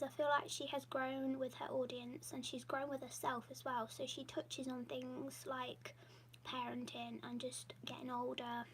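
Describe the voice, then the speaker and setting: A woman chatting casually on a live stream, soft and half-whispered, rambling while she draws. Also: sits high, slight background noise, poor audio. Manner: drawing while she talks. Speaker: YouTuber and artist.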